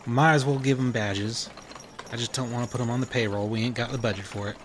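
A man voicing a weary, gruff small-town sheriff who grumbles in a dry, low-key way. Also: steady tone, fast, slight background noise, close to an everyday voice.

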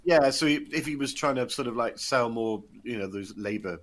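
A man's voice: mid-range voice, moderate pace. A man co-hosting a podcast, riffing along in mock-serious agreement and breaking into silly bits. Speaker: podcast co-host. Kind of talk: improvised comic banter.

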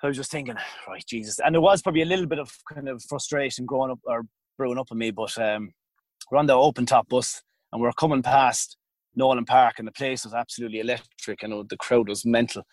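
A man's voice: medium pitch, quick pace, dry recording. Chatty Irish man, dry close sound. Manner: rambling, self-interrupting, colloquial. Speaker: podcast guest, former hurler. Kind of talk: casual storytelling.

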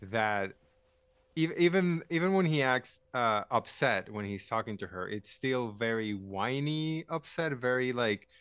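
A man's voice: mid-range voice, lively intonation, a little slow, a bit bright, clear, resonant tone, dry recording. A man in casual podcast chat, criticizing with frequent restarts and hesitations.

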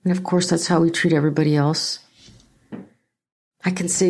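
A woman's voice: on the low side, little pitch movement, moderate pace, long pauses, darkish tone. A middle-aged woman from California hosting a podcast, giving blunt, profane and sarcastic political commentary in a casual way. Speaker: podcast host.

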